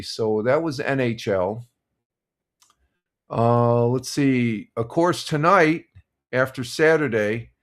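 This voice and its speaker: Older man rambling through sports scores. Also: medium pitch. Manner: relaxed, rambling, many fillers and restarts. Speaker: live stream host. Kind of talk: casual morning chat reading sports scores and viewer comments.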